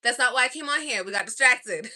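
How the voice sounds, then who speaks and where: A young woman chats to camera from home at night, gossiping and swearing as she talks. Her bright voice swoops up and down. She often breaks into sighs and laughter. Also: fairly high pitch, lively intonation, a little fast. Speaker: vlogger. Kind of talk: casual chat to camera.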